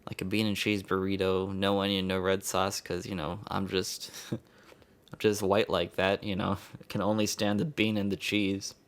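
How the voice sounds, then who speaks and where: A man's voice: sits low, flat delivery, moderate pace. A man hosting his own podcast, telling a story in a loose, meandering, profane way with chuckles. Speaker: podcast host. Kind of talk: rambling casual storytelling.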